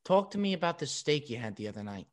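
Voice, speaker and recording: A man's voice: fairly high pitch, big pitch swings, quick pace. A man hosting a podcast, ribbing his guest in a teasing, hyped-up casual chat. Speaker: podcast host.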